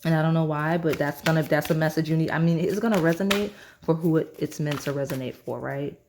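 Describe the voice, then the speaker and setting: Female tarot reader, deep-set voice, casual rambling delivery full of "um" and "like". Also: fairly even intonation, quick pace, noisy background. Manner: rambling, chatty, many fillers and restarts. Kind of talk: casual pick-a-card tarot reading.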